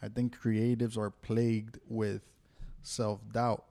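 A man's voice: on the low side, level tone, slow pace, vocal fry, mellow. A man chatting casually, reflecting on creative self-doubt. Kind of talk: casual podcast chat.

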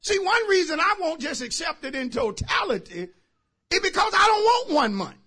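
A man preaching a sermon as pastor. He drives his points with shouted phrases and repeated calls to the congregation. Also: extremely high pitch, sing-song, moderate pace. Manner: emphatic call-and-response preaching, shouting key phrases. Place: church service.

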